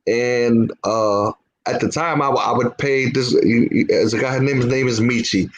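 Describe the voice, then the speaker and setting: A podcast co-host with a mid-range voice tells a long story in casual chat, swearing plenty and frequently pausing on "whatever." His intonation is fairly even and his speed normal, though the low-quality recording has slight background noise.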